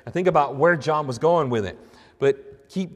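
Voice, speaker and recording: Male preacher, high voice, emphatic and questioning, long hall reverb. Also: normal speed. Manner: questioning, emphatic, with many restarts. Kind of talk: sermon.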